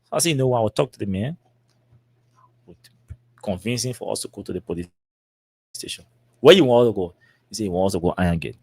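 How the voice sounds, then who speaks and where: Animated Liberian man telling a story. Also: fairly low pitch, quick pace, creaky, pauses often, breathy edge, dry recording, clean studio sound. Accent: Liberian English. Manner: animated, acts out dialogue with repetitions. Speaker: talk show host. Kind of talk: storytelling monologue.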